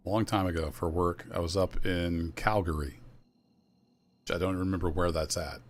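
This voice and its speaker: A man's voice: low voice, fairly even intonation, normal speed. A man from Northeast Missouri with a Midwestern accent, chatting easily and joking about himself while streaming a game live. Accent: General Midwestern American. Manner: chatty, easygoing, self-deprecating. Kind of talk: casual live gameplay commentary.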